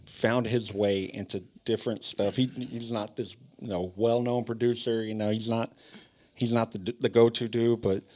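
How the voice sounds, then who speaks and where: A man's voice: on the low side, normal speed. Laid-back man telling stories on a podcast. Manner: animated storytelling, mock outrage, casual swearing. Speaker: podcast host. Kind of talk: casual chat.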